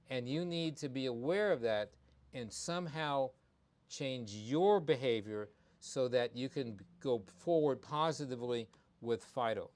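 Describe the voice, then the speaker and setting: A man's voice: mid-range voice, darkish tone. Emphatic man explaining pet behavior. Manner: emphatic, repeats key points; conversational with many ums and restarts. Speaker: veterinarian host. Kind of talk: live talk on pet behavior.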